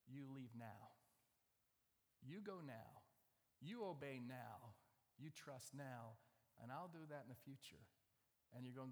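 A man's voice: mid-range voice, measured pace, in a large hall. A man preaching a sermon in a conversational way, often asking the audience questions. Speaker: pastor.

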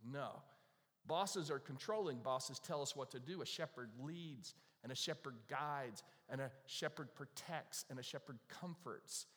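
A man preaching to his congregation in a conversational way, his voice lifting and dropping as he stresses words. He is recorded in a church with a long, echoing reverb, and his pitch sits in an ordinary middle range. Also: unhurried. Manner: animated, conversational preaching with repeated starts. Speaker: pastor. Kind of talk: sermon. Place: church sanctuary. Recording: echoey hall reverb.

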